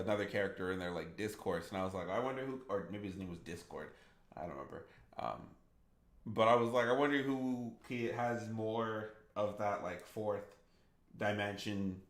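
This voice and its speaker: A man in his thirties, a gaming streamer chatting casually and rambling with lots of "like" and restarts. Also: on the low side. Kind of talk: casual livestream chat. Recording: echoey room.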